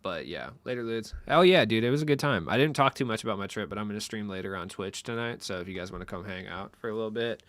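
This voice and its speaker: A man's voice: fairly low pitch, expressive, fast, hardly any pauses, a bit bright, no echo. A young man chatting casually with his stream viewers in a loose, rambling, profane way.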